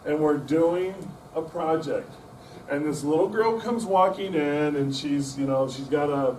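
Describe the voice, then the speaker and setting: A man's voice: on the high side, darkish tone, recorded from a distance, slight background noise. Middle-aged man rambling stories, echoey room. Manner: rambling, folksy, self-deprecating humor. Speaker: guest speaker. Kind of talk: anecdotal storytelling talk. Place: club meeting room.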